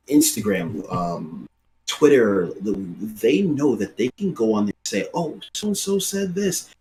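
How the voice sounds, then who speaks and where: A man in his late thirties from Brooklyn with a New York accent, chatting casually on a podcast and telling animated street stories. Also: fairly low pitch, a little hiss or hum. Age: late 30s. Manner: storytelling, animated, swears casually. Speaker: podcast co-host.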